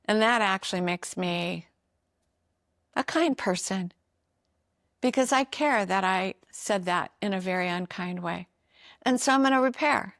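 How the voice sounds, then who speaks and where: A woman's voice: mid-range voice, unhurried, long pauses, fairly bright tone, no echo, clean studio sound. A woman hosting a podcast, giving an earnest, encouraging motivational talk straight to her listeners. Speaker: podcast host.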